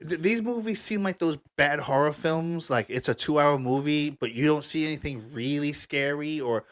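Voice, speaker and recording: A man's voice: a little high, moderate pace, fairly bright tone, no room sound. Rambling man co-hosting a chat podcast. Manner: rambling, lots of fillers and restarts. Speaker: podcast co-host. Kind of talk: casual chat.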